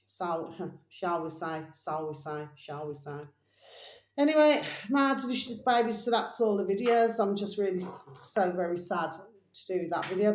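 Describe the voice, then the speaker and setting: A woman's voice: lowish voice, a little mellow, echoey room, slight background noise. A woman hosting a casual video channel, rambling and repeating herself, often addressing viewers with fond pet phrases in a sombre tone. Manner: rambling, repeats phrases and spells out titles slowly. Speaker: channel host.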